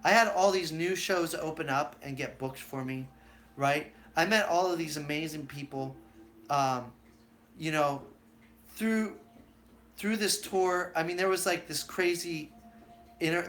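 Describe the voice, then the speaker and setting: A man's voice: a little high, a bit bright, a little hiss or hum. A man hosting his own live stream, chatting casually and telling stories with plenty of fillers and acted-out quotes.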